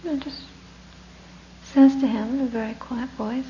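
A woman giving a Buddhist dharma talk through a story, often dropping into breathy whispers and laughing between lines. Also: high-pitched, fairly even intonation, moderate pace, pauses often, mellow. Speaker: Buddhist teacher. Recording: dull lo-fi recording with faint hum.

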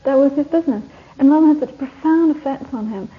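A woman with a high voice talks quickly, delivering a rambling, anecdotal dharma talk to a retreat group as part of a Buddhist course she teaches, and she laughs often. The recording is dull and lo-fi with faint hiss.

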